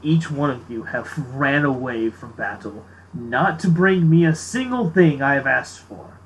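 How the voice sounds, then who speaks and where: A man voicing a menacing male villain lord on his throne, speaking low with threat in his words. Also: animated, a little slow, fairly bright tone, a little hiss or hum, low-quality recording. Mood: threatening. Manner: low, threatening, with tense undertones.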